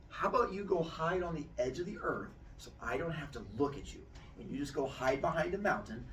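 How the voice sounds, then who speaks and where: A man doing a brash, excitable young god-king. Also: fairly high pitch, distant mic. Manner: blunt, excitable, rude. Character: brash impatient young male king of gods.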